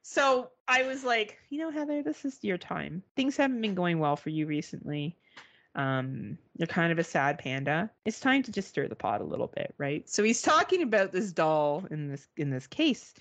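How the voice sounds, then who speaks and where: Lively swearing woman telling stories. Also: lowish voice, normal speed. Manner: animated, swearing, mimics beeping sounds. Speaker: podcast co-host. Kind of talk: casual storytelling chat.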